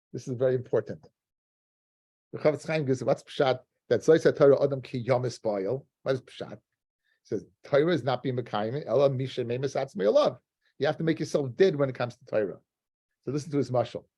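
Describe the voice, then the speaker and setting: A man teaching a Talmud lesson in an animated, conversational way, using Hebrew and Yiddish terms. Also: mid-range voice.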